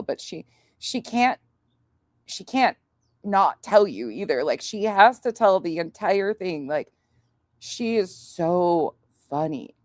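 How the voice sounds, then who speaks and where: Low-voiced woman telling a family story. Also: no room sound. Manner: swears freely, breaks into laughter. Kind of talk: casual storytelling to camera.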